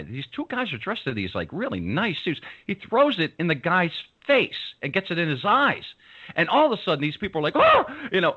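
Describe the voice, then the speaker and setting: A man hosting a radio show, telling a story casually and acting out the people in it. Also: medium pitch. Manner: animated, acts out the people in his story. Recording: dull lo-fi sound.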